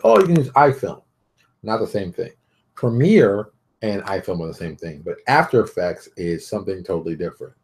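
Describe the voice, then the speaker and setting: A middle-aged man with a lowish voice hosts his own show, talking straight to the viewer in a loose, unscripted way. He rants bluntly and gets animated as he hands out advice. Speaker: show host. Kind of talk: casual advice monologue.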